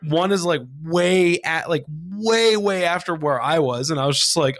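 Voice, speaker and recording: A man's voice: on the high side, normal speed, few pauses. A man co-hosting a casual podcast, telling a childhood story with lots of swearing and acted-out voices. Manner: animated, profane storyteller acting out voices. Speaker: podcast co-host.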